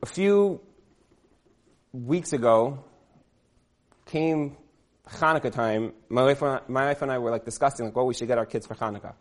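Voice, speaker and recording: A man's voice: mid-range voice, moderate pace, pauses often. A man in his thirties telling a rambling comic story, full of fillers and laughing at himself.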